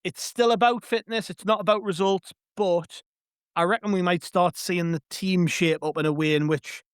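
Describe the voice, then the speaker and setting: Bloke hosting a footy podcast, a bit high voiced, chatty and jokey, dry close mic. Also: male voice, fairly even intonation, moderate pace, clean tone, no room sound. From North East England. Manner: chatty, joking, rambling with fillers. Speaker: podcast host. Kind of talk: casual football podcast chat.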